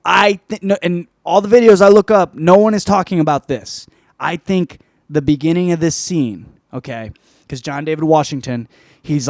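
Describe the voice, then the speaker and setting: A man's voice: a little high, creaky, darkish tone, no room sound, studio quality. A man hosting a podcast, reviewing a film in casual, rambling chat full of swearing and restarts. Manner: rambling, profane, self-interrupting. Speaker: podcast host.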